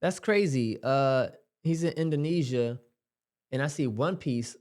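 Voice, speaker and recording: A man's voice: mid-range voice, a little slow, darkish tone, a little hiss or hum. A man hosting casual reaction commentary, rambling and exasperated, with many fillers. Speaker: host.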